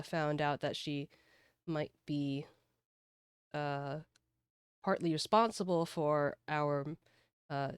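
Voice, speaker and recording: A woman's voice: deep voice, smooth, dry recording, clean studio sound. A woman streamer chatting casually as she plays, rambling through explanations of the game. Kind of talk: casual gameplay commentary.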